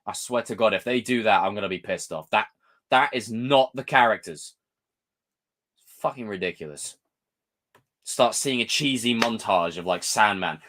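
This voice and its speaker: Sweary, animated man ranting. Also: medium pitch. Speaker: live-stream host. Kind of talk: casual live-stream rant.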